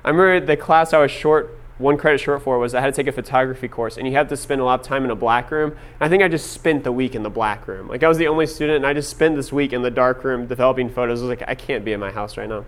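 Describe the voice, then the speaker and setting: A man's voice: medium pitch, quick pace, few pauses. A young man preaching a casual sermon, telling stories with lots of filler words. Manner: casual storytelling with many fillers. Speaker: pastor.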